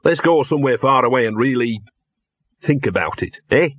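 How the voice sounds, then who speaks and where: A man's voice: medium pitch, lively intonation, moderate pace, a bit bright, slightly rough, no room sound, muffled recording. A man voicing a small, cynical male talking dog in a storybook reading, muttering in a gloomy, streetwise way. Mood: grumbling.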